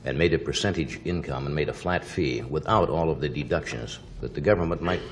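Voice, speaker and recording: A man hosting a talk show, interviewing a guest with short agreeing replies and halting questions. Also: very deep voice, a little hiss or hum.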